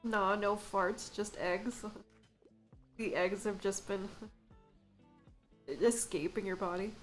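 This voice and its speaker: A woman's voice: medium pitch, slow, long pauses, soft background music. A woman streamer chatting casually while she plays a game, giggling and joking about what she reads aloud. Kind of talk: casual live gameplay chat.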